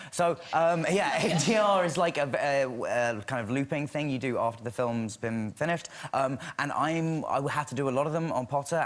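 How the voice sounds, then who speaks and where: A man's voice: mid-range voice, a bit bright. A man guest on a talk show, chatting in a self-deprecating, friendly way. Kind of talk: chat show conversation. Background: studio audience.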